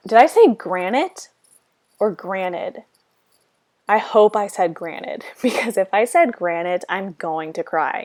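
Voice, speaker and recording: A woman's voice: fairly low pitch, no room sound. A young woman rambles through a casual voiceover from her room, sassy and full of slang. She sounds a bit out of breath. The recording is dry and close, with no room sound. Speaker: vlogger.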